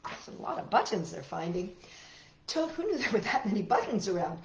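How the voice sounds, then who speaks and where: A woman reading picture books aloud for children in an animated, sing-song way, chatting to young listeners between stories. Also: medium pitch, a little fast, gravelly, echoey room, lo-fi sound, slight background noise. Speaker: children's story reader.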